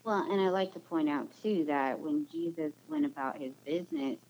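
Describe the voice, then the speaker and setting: A woman's voice: low-pitched, normal speed, darkish tone. A woman in a casual faith discussion, speaking emphatically with short agreements. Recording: dull muffled line with faint noise.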